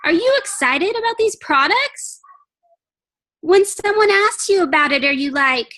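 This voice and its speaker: A woman's voice: very high-pitched, lively intonation, unhurried, pushed and bright. A woman giving a chatty, emphatic pep talk to her team on a video call from home, acting out little dialogues.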